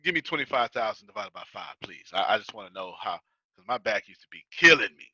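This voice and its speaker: A man's voice: fairly low pitch, very animated, fast talker, bright, forceful tone, husky, no room sound, muffled recording. An American man with a Texas accent, teaching a class in a folksy, joking, colloquial way. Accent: Texas, Houston area. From United States. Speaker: business coach teaching a class. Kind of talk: casual teaching talk to a live audience.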